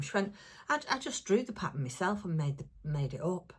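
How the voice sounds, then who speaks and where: A woman chatting casually in a crafting vlog, gushing and excitable as she rambles over gifts she has received. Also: lowish voice, a little fast, breathy edge. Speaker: crafting vlogger. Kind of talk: casual chatty show-and-tell.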